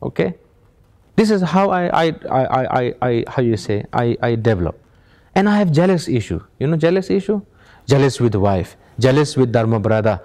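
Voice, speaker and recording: A man's voice: medium pitch, mellow. A man giving an informal meditation teaching in plain non-native English, asking rhetorical questions and chuckling as he tells stories. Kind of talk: informal spiritual teaching to an audience.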